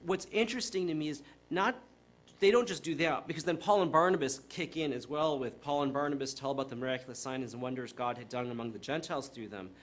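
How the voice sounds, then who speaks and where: A man's voice: mid-range voice, fast. A middle-aged man from the Chicago area, preaching in a conversational, reflective way with frequent fillers and self-corrections. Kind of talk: sermon.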